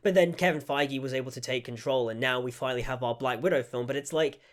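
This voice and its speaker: A man's voice: medium pitch, fast. A young man giving a casual, critical film review, peppering his talk with "like". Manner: critical, frequent "like" fillers. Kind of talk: casual opinion vlog.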